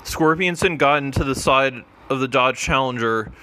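A man's voice: mid-range voice, moderate pace, sharp tone. A man casually narrating a comedy story in an offhand, rambling way, correcting himself as he goes.

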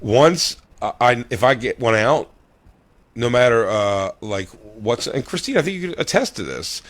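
Man, forties, casual chat, rambling, crude, mid-pitched, dry recording. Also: animated, a little slow, fairly bright tone, no echo. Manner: rambling crude storytelling with many fillers. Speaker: podcast host.

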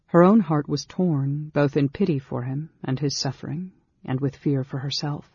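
An audiobook narrator reading a fantasy story in a steady, measured way. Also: mid-range voice, husky, no room sound, muffled recording. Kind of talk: scripted narration.

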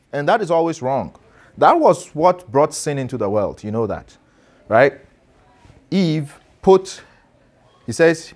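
A man preaching an interactive sermon to a class, asking questions and calling on people to read. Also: fairly high pitch. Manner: conversational, asks listeners questions and calls on them to read. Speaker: pastor teaching a class.

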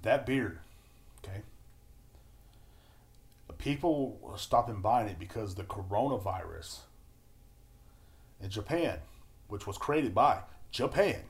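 A lower-pitched man hosting a solo podcast rant. He swears nonstop and rambles from topic to topic, sometimes shouting and sometimes trailing off into a mutter. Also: expressive, slow, pauses often. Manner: profane, rambling, swings between loud outbursts and mumbling. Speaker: podcast host.

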